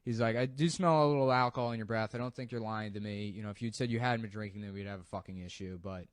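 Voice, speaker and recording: A man's voice: on the low side, fairly even intonation, quick pace, no echo, clean studio sound. A man in casual chat, telling a profane story in a laid-back way. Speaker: comedian telling stories.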